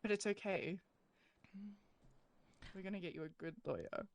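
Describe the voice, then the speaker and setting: A woman's voice: medium pitch, moderate pace, creaky, noisy background. A woman in a game roleplay giving orders and reassurances in an urgent, take-charge way. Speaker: roleplay player. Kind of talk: in-character game roleplay chat.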